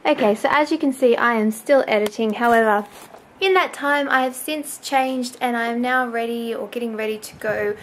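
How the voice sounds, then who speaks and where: A woman's voice: a little high, normal speed. A young woman chatting casually through a makeup tutorial vlog at home, rambling and correcting herself as she goes. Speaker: vlogger. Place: home, indoors. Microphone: camera on a stand close by.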